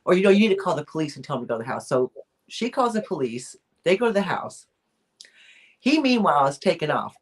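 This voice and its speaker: A woman's voice: sits low, big pitch swings, quick pace, husky. A woman co-hosting a weekly chat, telling a true crime story in a casual, rambling way, with lots of fillers and restarts. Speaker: co-host of a weekly chat show.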